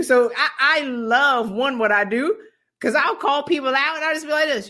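A woman leads a casual conversation with animated energy. She laughs easily and slips into acting out what others said. Her voice sits high and sounds bright and sharp. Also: normal speed. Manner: animated, laughing, acts out quotes. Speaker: host.

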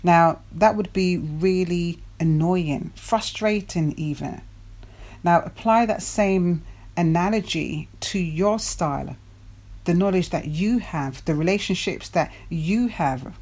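In a lowish, darkish voice that takes its time, a woman coach specializing in dating and self-development gives a motivational talk. She poses rhetorical questions to her viewers and stresses key words by repeating them.

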